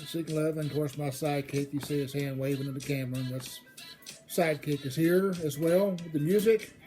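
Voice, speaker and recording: Woman storyteller, low voice, casual and rambling, rises to excited retelling; faint music under. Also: brisk. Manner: rambling, restarts, grows loud and excited in the retelling. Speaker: storyteller host. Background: faint background music.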